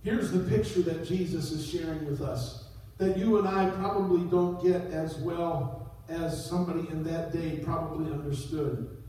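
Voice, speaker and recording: High-voiced preacher man in an echoey hall. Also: normal speed, distant mic. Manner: preaching with sudden shouted peaks. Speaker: pastor. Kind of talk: sermon.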